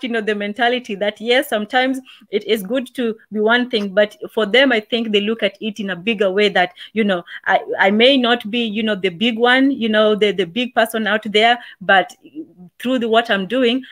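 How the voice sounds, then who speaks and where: A woman's voice: mid-range voice, fairly bright tone. A woman from Kenya with a Kenyan accent, chatting on a podcast panel, rambling and laughing often. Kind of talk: casual panel chat.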